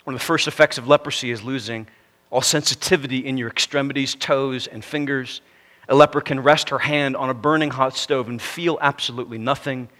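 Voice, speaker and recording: A man preaching a sermon, reading a story aloud in an earnest way that sinks to a hush at the ends of phrases and rises to emphatic preaching. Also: medium pitch, fairly even intonation, brisk.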